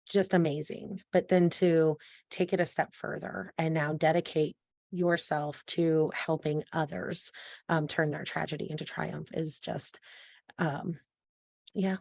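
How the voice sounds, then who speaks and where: A woman hosting a live-streamed interview on a video call, praising her guest warmly and reading out chat comments. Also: deep voice, creaky, no room sound. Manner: warm and effusive with praise, reads chat comments. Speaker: podcast host.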